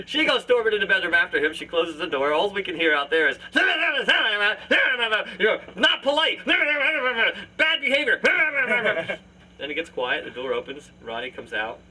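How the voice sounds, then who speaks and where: Host, male, high bright voice, mic at a distance, laughing storyteller doing voices. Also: very animated, a little slow, slightly rough. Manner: laughs often, acts out voices in anecdotes. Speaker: podcast host and musician. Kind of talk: casual family storytelling. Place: family home, live remote.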